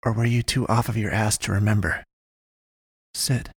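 A man voicing a wounded young woman in a storybook reading, speaking low and clipped with a muttering edge. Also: fairly even intonation, normal speed, gravelly, husky, dry recording, clean studio sound. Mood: curt. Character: wounded pale young woman, curt and fierce.

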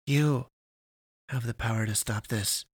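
A man's voice: medium pitch, steady tone, unhurried, a bit bright, husky, no room sound, clean studio sound. A man voicing a solemn android pastoress. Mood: pleading.

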